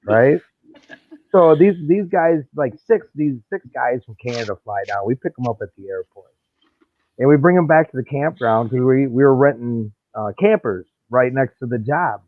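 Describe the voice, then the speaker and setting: A man's voice: mid-range voice, lively intonation, no room sound. Man, casual storyteller, folksy drawl, dry phone-quality audio. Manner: folksy, drawn-out anecdotes with laughs. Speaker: live-stream chat participant. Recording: dry, tinny phone-like line.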